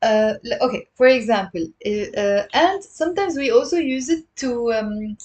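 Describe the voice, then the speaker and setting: Lebanese woman, language teacher on a livestream, patient, repeats words, friendly with viewers. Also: fairly high pitch. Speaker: Arabic teacher. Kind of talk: live online language lesson.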